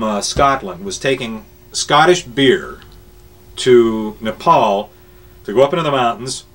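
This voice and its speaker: An older radio man tells one story after another, wandering and pausing on "uh" as he goes. His voice sits at an ordinary middle pitch. He sounds a little distant from the microphone. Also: fairly bright tone. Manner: rambling, anecdotal, many filler pauses. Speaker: radio morning show host. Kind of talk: reminiscing interview storytelling. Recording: voice a bit distant from the mic.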